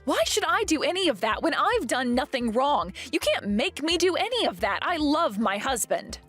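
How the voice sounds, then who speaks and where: A woman's voice: on the high side, lively intonation, normal speed, faint music behind. A woman voicing a young pregnant wife who firmly confronts her mother-in-law in a dramatized text-message story. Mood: defensive. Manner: firm, demanding answers.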